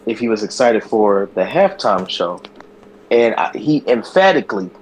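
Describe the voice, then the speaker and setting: A man co-hosting a podcast, telling a news story in a loose, animated way with slang and swearing. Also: lowish voice, a little slow, a little hiss or hum, poor audio. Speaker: podcast co-host. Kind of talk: casual chat.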